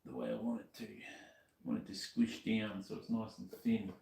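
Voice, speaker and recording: A man's voice: fairly low pitch, little pitch movement, normal speed, creaky, warm tone, roomy sound. A man with an Australian accent chatting casually to a stream while he works on a motorbike, muttering to himself as he goes. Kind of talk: casual live-stream chat while working.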